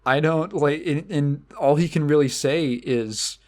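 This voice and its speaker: A man's voice: fairly high pitch, a little slow, darkish tone. A man co-hosting a podcast, rambling through a casual film discussion with lots of restarts and the odd swear word. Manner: rambling, many restarts and fillers. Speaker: podcast co-host.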